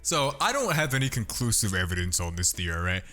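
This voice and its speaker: A young man with a low voice chats on a podcast, brash and boastful, swearing freely as he talks about his work. His delivery is blunt and cocky. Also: big pitch swings, brisk, bright, forceful tone, soft background music. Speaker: podcast guest, content creator. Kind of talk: casual podcast chat.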